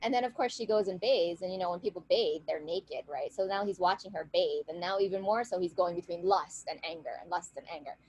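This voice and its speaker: A woman's voice: fairly low pitch, brisk, few pauses, husky, rough recording. A woman retelling a legend in a casual, conversational way, often checking in with her listeners over a video call. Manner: lively, conversational, checks in with "right?". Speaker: storyteller and guest speaker.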